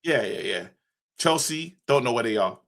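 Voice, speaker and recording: A man co-hosting a casual football podcast, talking in an excitable, slangy way. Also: mid-range voice, vocal fry. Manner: excitable, slangy, quick restarts. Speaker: co-host.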